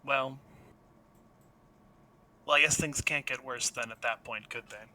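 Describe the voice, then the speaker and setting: A man's voice: steady tone, measured pace, bright, forceful tone. A man playing a bitter, stubborn outlaw. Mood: defiant. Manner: stubborn, bitter, low-key. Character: defiant weary man protecting a friend.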